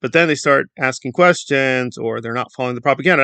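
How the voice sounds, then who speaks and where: A man's voice: medium pitch, quick pace, few pauses, bright, forceful tone, no echo. A man giving sarcastic, lecturing commentary on his YouTube channel. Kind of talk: opinion commentary vlog.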